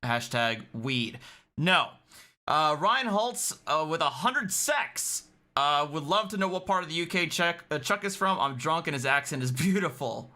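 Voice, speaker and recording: Very bright-voiced male host. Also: fairly high pitch, expressive. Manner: quick, chatty, apologetic asides. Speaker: commentary channel host. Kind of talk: casual chat reading viewer messages.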